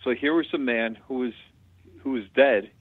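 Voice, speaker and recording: A man's voice: mid-range voice, normal speed, dry recording. A man who works as a medium, a guest telling chatty, plain-spoken anecdotes in an interview. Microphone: phone call. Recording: tinny dry phone line.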